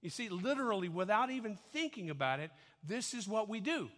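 A man's voice: high voice, expressive, fairly quick, a bit bright, in a large hall. A man preaching a sermon in a conversational way, often checking that his listeners follow him. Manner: conversational preaching, asks audience to follow along. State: out of breath after dancing. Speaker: pastor.

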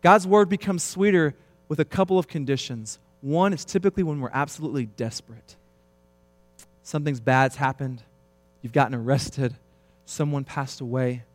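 A man in his thirties preaching a sermon, swinging between quiet, low stretches and loud, emphatic passages. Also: moderate pace, no echo, soft background music. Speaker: pastor.

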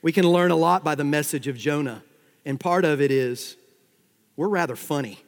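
A man preaching a sermon with wry humor. His loudness swells and drops suddenly as he drives his points home. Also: a little high, normal speed, in a large hall. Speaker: pastor.

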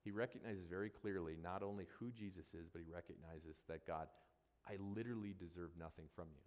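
Deep-voiced man preaching in a hall. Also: brisk, a little mellow. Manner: conversational, repeats phrases for emphasis. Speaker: pastor. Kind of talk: sermon.

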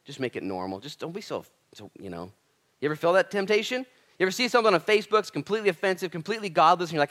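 Male preacher, casual and conversational, big dynamic swings between loud and quiet. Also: high voice, very animated, very fast. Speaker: pastor. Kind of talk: sermon.

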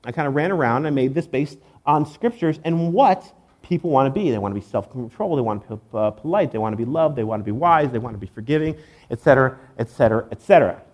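A man's voice: medium pitch, expressive, quick pace, darkish tone. Casual joking man preaching. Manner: conversational, joking, many fillers. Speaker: pastor. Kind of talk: sermon. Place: church.

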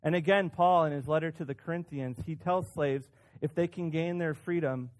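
A man's voice: a little high, moderate pace. A man preaching a sermon as pastor, speaking conversationally with frequent restarts and emphatic rises.

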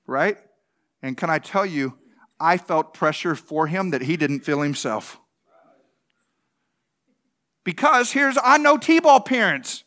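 Male pastor, 30s, high voice, folksy preaching full of rhetorical questions. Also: animated, moderate pace, bright, forceful tone. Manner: conversational, repeats "can I tell you", restarts. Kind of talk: sermon.

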